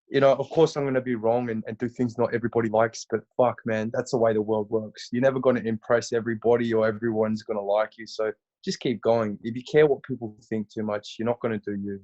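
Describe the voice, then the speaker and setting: A man's voice: mid-range voice, darkish tone, muffled recording. An Australian man as an interview guest, laid-back and blunt, swearing casually.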